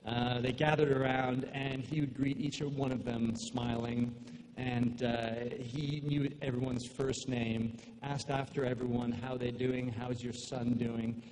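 Halting man giving a eulogy in a hall. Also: medium pitch, little pitch movement, a little mellow. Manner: halting, with many fillers and restarts. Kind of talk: memorial speech. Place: large hall with long reverb. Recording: echoey hall, faint room noise.

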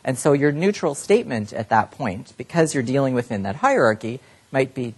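A man's voice: medium pitch, very animated, moderate pace, breathy edge. Man lecturing clinicians. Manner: plain-spoken, addresses audience directly. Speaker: healthcare educator.

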